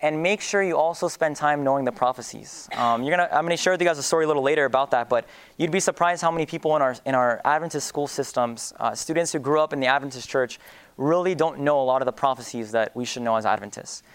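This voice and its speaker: A man's voice: mid-range voice, quick pace, clean tone. A young man preaching a sermon in an earnest way, with many fillers and restarts.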